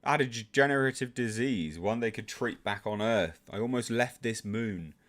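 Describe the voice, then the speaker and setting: A man reading aloud the lines of a dying woman colonist in a comic, in a plain, low-key way. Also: normal speed, a bit bright, lightly acted. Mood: regretful.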